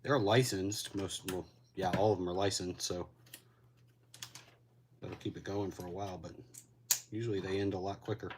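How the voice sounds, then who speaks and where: A deep-voiced man rambles easily to his live chat while he builds, a bit winded from a cold he is still getting over. Faint keyboard clicks sit behind him. His talk is relaxed and unhurried. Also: background noise. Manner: laid-back, rambling, reacts to chat. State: recovering from a cold, a little winded. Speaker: LEGO builder streaming to chat.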